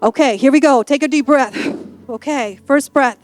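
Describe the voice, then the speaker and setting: A woman pastor preaching a sermon in a playful, animated storytelling manner. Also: high voice, normal speed, soft background music. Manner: sassy and emphatic.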